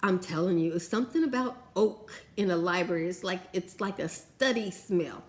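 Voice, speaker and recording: Gushing, chatty woman vlogger. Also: moderate pace. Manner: chatty and gushing, lively swings in pitch. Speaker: beauty vlogger. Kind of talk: casual product review chat.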